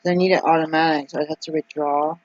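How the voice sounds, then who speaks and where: A woman's voice: sits low, flat delivery, fast talker. Anxious rambling woman vlogger, lo-fi sound. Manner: anxious, rambling, talks to herself, frequent ums and exclamations. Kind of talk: casual vlog, thinking aloud over budget.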